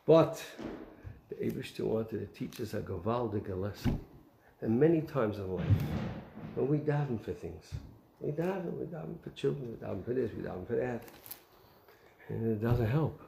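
A man giving an animated Torah talk, asking rhetorical questions and telling stories. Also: mid-range voice, gravelly, roomy sound, a little hiss or hum. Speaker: Torah teacher.

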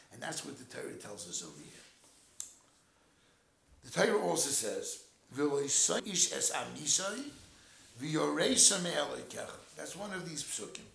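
A man giving an animated Torah class in English full of Hebrew and Yiddish terms, telling a story and explaining verses. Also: fairly high pitch, vocal fry. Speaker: Torah teacher. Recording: roomy echo.

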